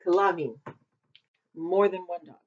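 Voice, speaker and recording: A woman teaches a relaxed vocabulary lesson, talking through each word and checking herself as she goes. Her voice sits at a middle pitch for a woman. The recording is dull and lo-fi. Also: measured pace. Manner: chatty, thinks aloud, double-checks herself. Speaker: Hebrew teacher.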